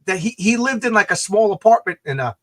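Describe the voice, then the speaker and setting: Animated storytelling man, fairly high voice. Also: a little fast. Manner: animated, acts out voices in anecdotes. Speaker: host. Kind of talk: casual storytelling chat.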